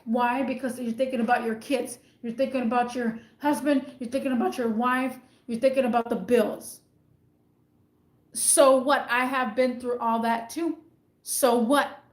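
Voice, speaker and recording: In a reverberant space, a woman with a high-pitched voice rants to camera about her retail managers. She's emphatic and indignant, pressing her points through repetition.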